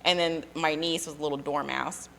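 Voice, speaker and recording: Low-voiced chatty woman in her thirties. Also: fairly even intonation, normal speed, gravelly, a bit bright, a little hiss or hum. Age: 30s. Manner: rambling storyteller, many fillers and laughs. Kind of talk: casual chat.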